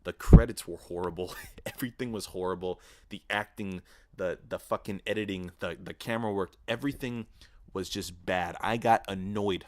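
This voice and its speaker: A young man hosting his own podcast, ranting casually and profanely with animated mock voices. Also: sits low, normal speed, no room sound. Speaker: podcast host. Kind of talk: casual solo podcast rant. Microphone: podcast microphone.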